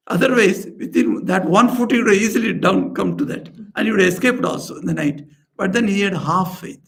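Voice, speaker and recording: Swami for a sermon: man, higher voice with grit, earnest parable teller. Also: creaky. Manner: earnest storyteller, lifts pitch for quoted characters. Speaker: swami giving a spiritual talk. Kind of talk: storytelling sermon. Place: society house room.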